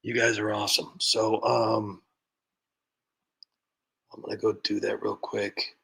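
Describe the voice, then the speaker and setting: Gravelly, rambling livestream host. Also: male voice, fairly low pitch, monotone, slow, sharp tone. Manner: rambling, chuckling, self-mocking. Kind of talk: casual livestream chat.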